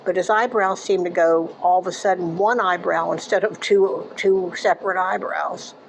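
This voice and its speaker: An older woman from Florida, casually telling a memory from her childhood in a halting way, restarting sentences and trailing off into quieter asides. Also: fairly low pitch, fairly even intonation, creaky, a little hiss or hum, poor audio. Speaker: eyewitness recounting a childhood memory. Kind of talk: casual personal storytelling.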